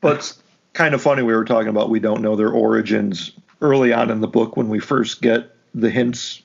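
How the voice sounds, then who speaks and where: A man co-hosting a podcast, talking through a book in a relaxed, chatty way and thinking aloud as he goes. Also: on the low side, brisk, gravelly, slightly rough, muffled recording. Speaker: podcast co-host. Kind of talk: casual book discussion.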